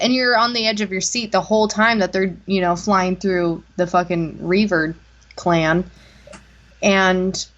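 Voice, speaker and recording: A woman's voice: medium pitch, a bit bright. A woman hosting a podcast in casual chat, rambling and swearing freely, with a dull lo-fi sound. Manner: profane, rambling chatter.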